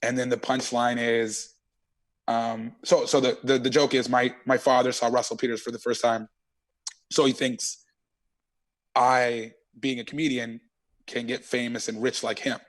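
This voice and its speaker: Animated man telling stories. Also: medium pitch, measured pace. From Canada. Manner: animated storytelling, slangy and profane. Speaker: stand-up comedian guest. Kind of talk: casual interview chat.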